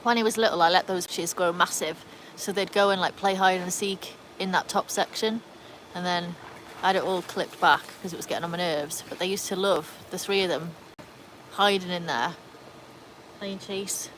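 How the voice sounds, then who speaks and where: A woman's voice: on the low side, steady tone, moderate pace, fairly bright tone, slight background noise, low-quality recording. A woman with an English accent tinged with Welsh, chatting casually on a livestream and answering viewer comments from her backyard. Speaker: livestream host.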